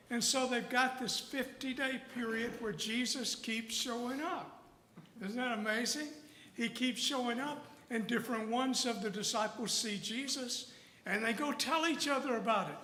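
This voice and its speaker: A man with a strikingly high, bright voice preaches in a sermon style. He tells folksy stories and leans into rising emphasis. His voice rings through a church hall with a long reverb. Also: a little hiss or hum. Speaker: guest preacher. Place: church sanctuary.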